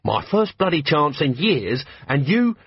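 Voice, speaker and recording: A man's voice: medium pitch, lively intonation, normal speed, husky, no echo, lo-fi sound. A man voicing a fierce man disguised as a woman, who growls threats. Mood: menacing. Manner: growling, menacing.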